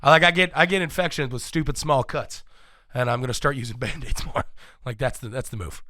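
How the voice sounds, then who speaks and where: A man's voice: mid-range voice, fairly quick, sharp tone, dry recording, clean studio sound. A man hosting a podcast quiz game in casual chat, playful and teasing, laughing often.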